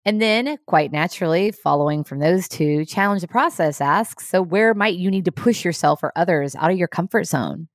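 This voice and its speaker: A woman hosting a short leadership podcast, giving a scripted, encouraging talk with a measured storytelling manner. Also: on the low side, animated, dry recording, clean studio sound.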